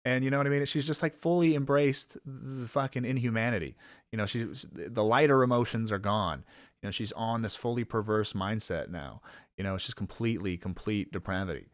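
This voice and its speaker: A man's voice: fairly low pitch, brisk, no echo, studio quality. A man giving a rambling, casual film review, full of fillers and swearing, sometimes acting out characters in a raised voice.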